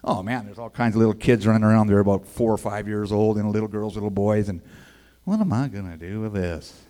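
A man's voice: fairly low pitch, fairly quick. A man telling his life story as a personal faith testimony in a casual, folksy way, acting out the people in it. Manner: animated, acts out the other people's voices in his story; casual and folksy, with 'man' and 'boy, I tell you'. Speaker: speaker giving a personal testimony.

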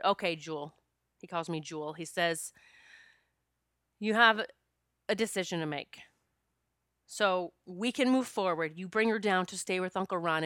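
A woman's voice: on the low side, pushed and bright, clean tone, no echo, studio quality. A woman earnestly telling a personal spiritual story in a conversational way, often restarting her sentences.

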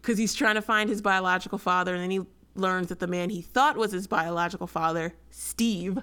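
A woman co-hosting a casual book chat, talking in a chatty, animated way full of fillers. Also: lowish voice, brisk, smooth. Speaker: book podcast co-host.

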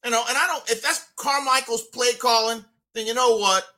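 A man's voice: extremely high pitch, fairly even intonation, moderate pace, pushed and bright. A man giving a fired-up, blunt rant on a casual sports podcast, leaning on "you know" a lot. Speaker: co-host giving a weekly rant.

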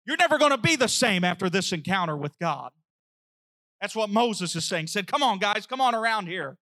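A man preaching a sermon, telling a story with lively acted-out dialogue. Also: high-pitched, brisk. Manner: animated storytelling, acting out dialogue.

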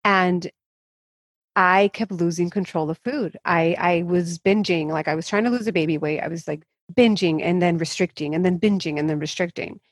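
A woman's voice: lowish voice, no room sound. A woman who works as a fitness coach, talking candidly and emphatically as an interview guest. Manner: frank, emphatic, speaks in rushes.

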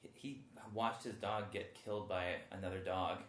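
A woman's voice: rumbling low, steady tone, normal speed, echoey room. A woman chatting on a podcast, reacting animatedly and telling an anecdote. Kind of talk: casual chat.

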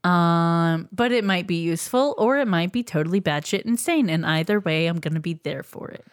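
A woman's voice: fairly low pitch, normal speed, no echo, studio quality. A woman co-hosting a podcast in casual chat, wry and matter-of-fact. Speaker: podcast co-host.

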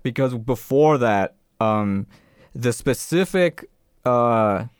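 A man's voice: medium pitch, animated, takes it slowly, clean tone. A male co-host in casual chat, hesitant and often searching for the next word. His voice sits in the middle range and sounds dry and close, with no room echo. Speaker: podcast co-host.

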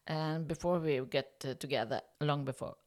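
This is a middle-aged woman from Norway telling a story in English during an interview, with a low voice at normal speed. Her delivery is casual and hesitant, with many fillers and restarts, brightening when she acts out what people said.

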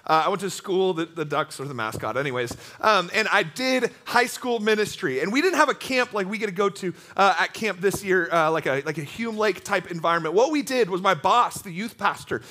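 Young guy youth pastor telling a goofy story, high bright voice, keeps going off on tangents. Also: animated, a little fast, few pauses. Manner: rambling, self-deprecating, jokey asides. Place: church stage before a youth audience.

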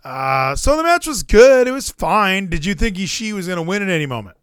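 A man in his thirties co-hosting a casual wrestling podcast, excitable and given to acting out commentators and wrestlers. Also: high voice, a little fast, clear, resonant tone, no echo, studio quality. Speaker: podcast co-host.

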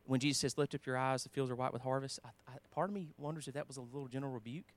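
A man preaching a sermon in a conversational way, with restarts, quoting scripture, swinging between emphatic lines and quiet asides. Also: mid-range voice, steady tone, racing.

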